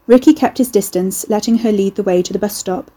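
A woman reading a novel aloud in steady scripted narration. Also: medium pitch, fairly quick, rough recording. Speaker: audiobook narrator.

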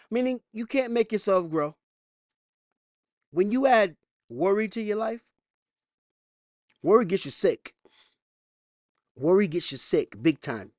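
A male pastor preaching a sermon, swinging from loud, high scripture reading to low conversational storytelling, blunt and emphatic with repeated phrases. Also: sing-song, measured pace, long pauses, no room sound, studio quality. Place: church.

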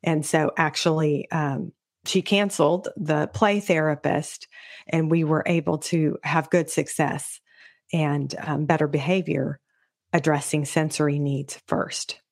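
Her voice sits low, with fairly even intonation and an unhurried pace. The middle-aged host, a children's sensory specialist, talks solo to parents about child behavior, explaining earnestly and sometimes performing a parent's or child's lines.

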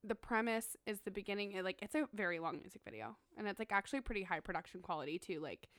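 A woman's voice: medium pitch, quick pace, no room sound, studio quality. A young woman chatting casually and telling a story with lots of acted-out quotes. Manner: animated storyteller, acts out quotes. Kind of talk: casual chat.

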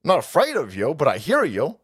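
A middle-aged man hosting a livestream, crude and rambling, joking and laughing, his voice fried and gravelly. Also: on the high side, wildly swooping pitch, a little fast, fairly bright tone. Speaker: livestream host. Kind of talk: foul-mouthed political rant stream.

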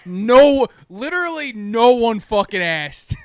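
Young guy from jordan, high bouncy voice, swears a lot, dry close mic. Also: big pitch swings, slow pace, clean tone, no room sound. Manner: loose, swearing, laughs often. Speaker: podcast co-host. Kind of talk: casual chat.

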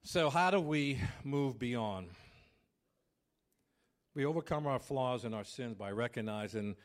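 A man in his fifties preaching a sermon as pastor, loud by habit and acting out household arguments with animated storytelling. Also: medium pitch, unhurried.

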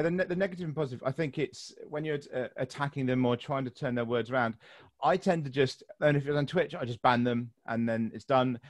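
A man's voice: medium pitch, dry recording, studio quality. A British man hosting a podcast, talking frankly and swearing freely, often laughing at his own jokes. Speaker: podcast host. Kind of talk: casual podcast chat.

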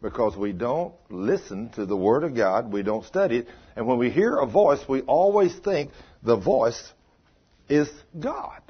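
An older preacher delivers a sermon in a husky, homespun voice. He tells stories and swings from loud declarations to hushed asides. The recording is muffled and lo-fi. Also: medium pitch, expressive, normal speed, hardly any pauses. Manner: folksy, storytelling, swings between loud and hushed.

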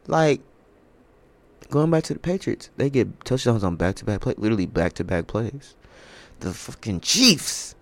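A man's voice: mid-range voice, sing-song, moderate pace, no echo. A young man hosting a sports podcast, ranting in a casual, profane, rambling way.

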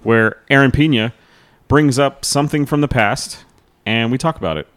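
A man co-hosting a casual podcast chat, talking with animated swings and restarting his words. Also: medium pitch, moderate pace, clear, resonant tone. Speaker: podcast co-host.

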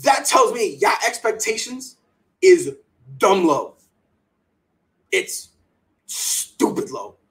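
His voice sits high, and he takes it slowly with long pauses, on a low-quality recording. As a sports podcast host, he still delivers animated, heated rants with strong opinions, mocking others through put-on quotes.

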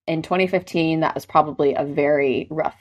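A woman talks casually as a podcast co-host, running through a story with plenty of filler words. Her voice sits a little low. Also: fairly even intonation, a little fast, muffled recording. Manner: chatty, storytelling, many filler "like"s. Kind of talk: casual chat.

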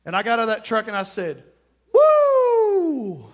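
A man preaching a sermon to his congregation in church, fervent and conversational. He swings from quiet joking asides to loud exclamations. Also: high voice, very fast. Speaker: pastor.

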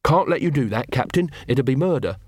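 A man doing a calm, earnest young corporal. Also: mid-range voice, fairly quick, husky, no room sound, clean studio sound. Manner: gentle, steady, polite.

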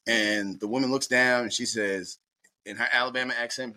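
With a medium-pitched voice at an ordinary pace, this middle-aged guest from Baltimore, USA, recounts something from his own life, performing the dialogue in a lively, storytelling manner.

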